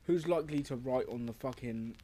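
A man's voice: medium pitch, a little fast, dark tone. A man co-hosting a casual podcast chat, rambling and restarting his sentences, swearing casually. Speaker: podcast co-host.

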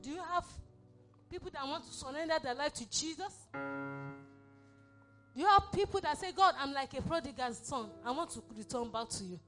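A woman's voice: high-pitched, brisk, fairly bright tone, faint music behind. A woman pastor, preaching a sermon and leading an altar call with fervent, repeated exhortations. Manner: fervent, repetitive exhortation, acted prayers.

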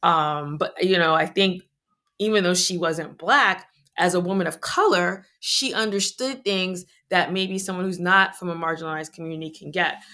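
A woman's voice: lowish voice, normal speed, sharp tone. A middle-aged woman, a physician guest, talking in a chatty, joking, conversational way. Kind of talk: conversational interview.

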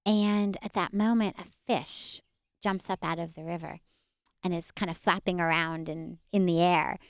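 Lady author doing an interview outside, lowish gravelly voice, slow dramatic pauses. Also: steady tone, dry recording, studio quality. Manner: measured, with dramatic pauses and swells. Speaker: author and spiritual teacher. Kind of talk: storytelling interview guest. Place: outdoors.

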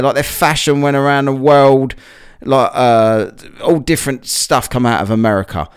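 A man's voice: medium pitch, lively intonation, moderate pace, clear, resonant tone. A man hosting a casual solo podcast, rambling and chatty with lots of fillers, a bit out of breath after a workout. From England. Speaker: podcast host.

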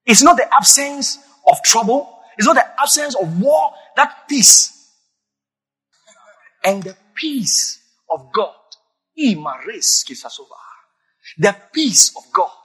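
A man's voice: extremely high pitch, expressive, slow pace, breathy edge. Emphatic preaching man in echoing hall. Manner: emphatic preaching, sudden shouts. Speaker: pastor. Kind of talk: sermon. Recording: long reverb of a large hall.

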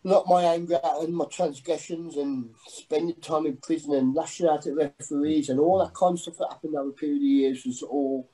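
A middle-aged man giving a personal testimony in a halting, earnest way, full of restarts. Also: fairly high pitch, fairly even intonation, mellow, low-quality recording. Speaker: guest sharing testimony.

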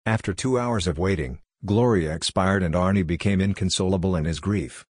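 Deep voiced guy reading a horror novel, slow and grave, dry close sound. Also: darkish tone, breathy edge, dry recording. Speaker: audiobook narrator. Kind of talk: first-person horror novel narration.

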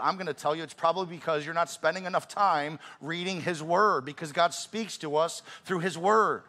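A middle-aged man preaching a sermon as a pastor, earnest, slowing down to stress key words. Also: a little high, a bit bright.

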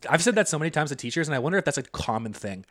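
A man's voice: on the high side, big pitch swings, rapid-fire, fairly bright tone, no room sound, studio quality. A young man co-hosting a podcast, rambling casually with swearing and restarts. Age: young adult. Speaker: podcast co-host. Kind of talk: casual chat.

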